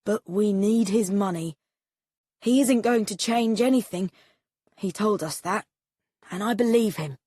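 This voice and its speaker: A woman's voice: medium pitch, measured pace, pauses often, dark tone, husky, no echo, clean studio sound. A woman reading a storybook aloud and voicing a grown man who co-owns a small-town factory and talks plainly.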